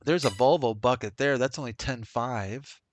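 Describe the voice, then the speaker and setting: A man's voice: mid-range voice, normal speed. A man casually commenting as he plays a farming game, musing aloud and laughing to himself. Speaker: let's play host. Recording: game engine noise behind voice. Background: tractor and engine sounds from the game.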